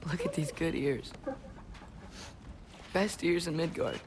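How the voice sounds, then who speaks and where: A man's voice: a little high, slow, noisy background. An actor playing an earnest, determined teenage boy, the hero's son, in a video game. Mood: tender. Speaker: lead character. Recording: game audio with loud music.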